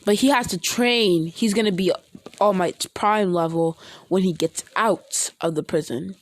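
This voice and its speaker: A woman's voice: fairly low pitch, unhurried, no room sound. A woman casually retelling a fan-made story, rambling and hesitant with many restarts.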